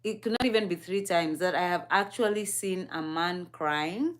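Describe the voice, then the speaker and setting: A woman's voice: on the low side, moderate pace. A young woman from Kenya chatting casually as a livestream co-host. She is curious and talkative, laughs often, and speaks to her co-host and the viewers in the chat.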